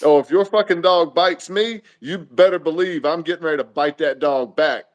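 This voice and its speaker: A man's voice: on the high side, normal speed. A man co-hosting a podcast, talking in a blunt, emphatic, joking way in casual chat. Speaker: podcast co-host.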